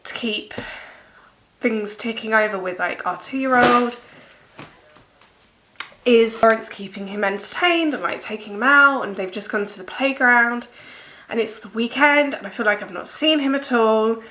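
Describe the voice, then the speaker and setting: A young woman talking through her day in a casual personal vlog, emotional and tearful, speaking softly with frequent pauses. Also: fairly high pitch, a little hiss or hum. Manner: emotional, teary, soft-spoken. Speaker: vlogger.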